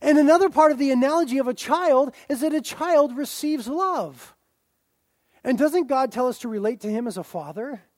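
A young man delivers a sermon in a strikingly high voice. He mixes playful asides with forceful, emphatic preaching. The sound is dry and close, with no room echo. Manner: animated, jokey asides, rising to loud emphatic preaching. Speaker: pastor.

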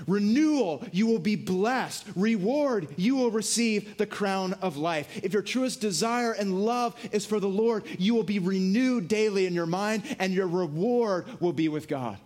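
High-voiced preaching man. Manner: animated, dropping low for emphasis, acting out quotes. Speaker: pastor. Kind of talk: sermon.

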